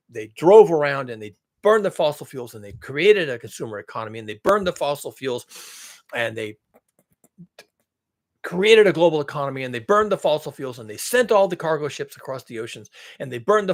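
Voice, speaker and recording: A man delivering a heated, profane monologue, mocking and piling up repetitive lines as he builds. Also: mid-range voice. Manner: mocks others in sarcastic voices. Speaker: climate commentary channel host. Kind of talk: angry monologue rant.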